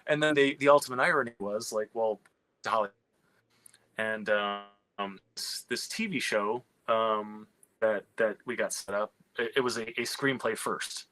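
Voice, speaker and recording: A man with a bright, forceful voice tells a story in a fast, profane ramble, stopping and restarting his sentences. The sound is dry and close, with no room echo. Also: on the low side. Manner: animated, profane, many restarts. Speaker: screenwriter and comic writer. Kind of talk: candid conversational storytelling.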